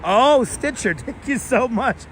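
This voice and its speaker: High-voiced man streaming on a city walk. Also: expressive, takes it slowly, a bit bright, low-quality recording. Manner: chatty, talks to passing animals and viewers. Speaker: live-stream host. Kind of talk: casual walking live stream. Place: outdoors on a city street at sunset. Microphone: wireless clip-on mic. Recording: outdoor street traffic noise.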